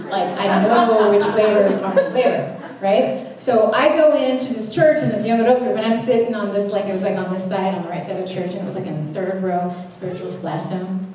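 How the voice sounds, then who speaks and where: A woman's voice: mid-range voice, mellow, a little hiss or hum. A young adult woman giving a sermon-style testimony at a church conference, telling her story with humor and acting out her own quotes. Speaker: conference speaker. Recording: very echoey hall, mic from a distance.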